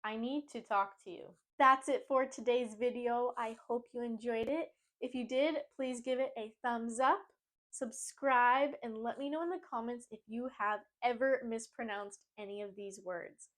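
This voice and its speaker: A young woman teaching English pronunciation, speaking clearly and deliberately and repeating each word slowly for learners. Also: a little high, fairly even intonation, a bit bright. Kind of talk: slow, carefully enunciated pronunciation lesson.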